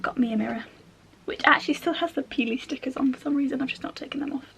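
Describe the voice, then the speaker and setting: A young woman chatting casually through a makeup tutorial, slangy and relaxed, often dropping into soft half-whispered asides. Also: high-pitched, fast talker, gravelly. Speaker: beauty vlogger.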